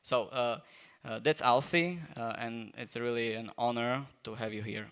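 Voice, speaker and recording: A man's voice: mid-range voice, steady tone, a little slow, fairly bright tone, clean tone. Hesitant man hosting a live talk. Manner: hesitant, many fillers. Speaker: host, journal editor. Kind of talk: live public talk introduction. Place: festival event space.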